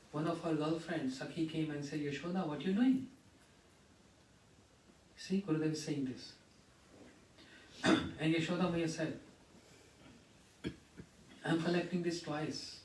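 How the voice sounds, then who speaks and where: A man giving a devotional talk in a temple hall, telling stories of his teacher in an earnest way and often dropping to a hushed voice. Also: fairly high pitch, slight background noise. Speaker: speaker at a memorial gathering. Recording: echoey room, voice from far off the mic.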